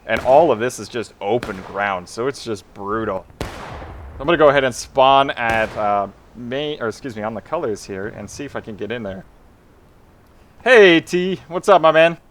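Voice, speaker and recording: A man's voice: on the low side, moderate pace. A man live-streaming a game, chatting with viewers and calling orders to teammates. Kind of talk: casual live gameplay commentary.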